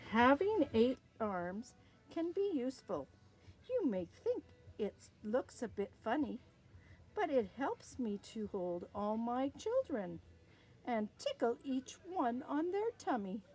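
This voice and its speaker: A woman's voice: a little high, big pitch swings, slow pace, a little mellow, slightly rough, heavily acted. A woman voicing a cheerful, motherly octopus parent in a storybook reading for children.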